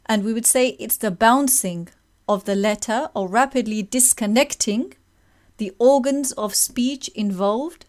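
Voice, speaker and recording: Woman teacher, patient explainer, mid-pitched voice, recites examples between explanations. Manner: patient, explaining slowly and demonstrating sounds. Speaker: tajweed teacher. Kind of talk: online lesson with recitation examples.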